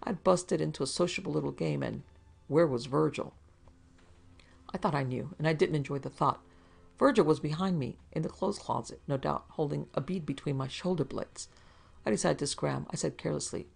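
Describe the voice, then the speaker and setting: A woman's voice: sits low, normal speed, gravelly, darkish tone, breathy edge. A woman narrating a hard-boiled detective story in a dramatic storytelling manner. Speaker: narrator and producer. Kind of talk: scripted audiobook narration.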